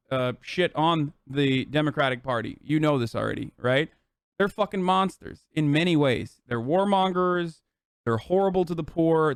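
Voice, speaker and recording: A man streaming his political takes in a fired-up, cursing, exasperated rant. His voice sits slightly higher than most men's and comes through smooth and resonant. The sound is dry and close, with no room echo. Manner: heated, profane, exasperated rant. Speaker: livestreamer. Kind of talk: ranting political commentary on stream.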